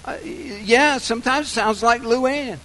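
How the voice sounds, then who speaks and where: A man preaching a sermon, telling a story softly and slowly, then building to loud, emphatic points. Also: very high-pitched, rough recording. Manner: storytelling, soft and slow in scenes, rising loud and emphatic for points. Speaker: pastor.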